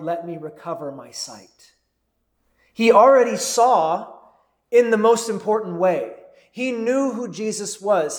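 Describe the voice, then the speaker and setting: A man preaching a sermon as pastor, earnest and deliberate, rising to fervent cries. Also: sits high, echoey room.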